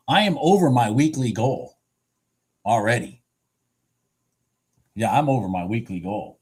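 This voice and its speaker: Excitable husky man calling live trades. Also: mid-range voice, measured pace, pauses often. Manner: excitable, exclaiming, repeats himself. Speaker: futures trader streaming live. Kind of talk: live trading commentary.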